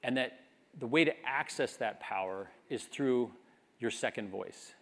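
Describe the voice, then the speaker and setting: A commencement speaker in his fifties delivers an earnest, reflective graduation speech that builds to a rousing call. He speaks at a measured pace in a mid-range voice.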